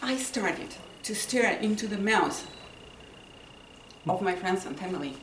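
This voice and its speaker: A woman whose first language is not English gives a humorous speech to an audience, telling her story with lively delivery and acting out lines. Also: medium pitch, a little slow. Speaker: contest speaker. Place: indoor meeting room with audience. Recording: roomy, distant, with noise and audience laughter.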